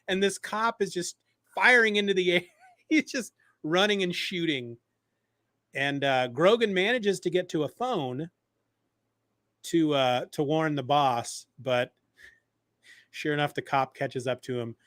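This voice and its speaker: A man co-hosting a podcast, retelling comic stories in a lively, animated way. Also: fairly high pitch, measured pace, pauses often, dry recording, clean studio sound. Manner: animated retelling, acting out quoted lines. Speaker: podcast co-host. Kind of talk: casual chat about comics.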